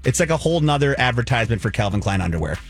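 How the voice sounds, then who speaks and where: A man co-hosting a radio talk show, chatting casually and retelling a film with quick asides. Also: mid-range voice, sing-song, soft background music. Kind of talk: casual chat.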